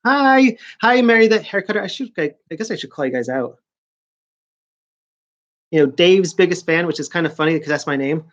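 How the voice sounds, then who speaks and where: A man's voice: a little high, a little fast, pauses often. A man in his forties with a New York accent, chatting casually to viewers on a live stream, rambling and stop-start. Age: 40s. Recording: dull lo-fi stream audio.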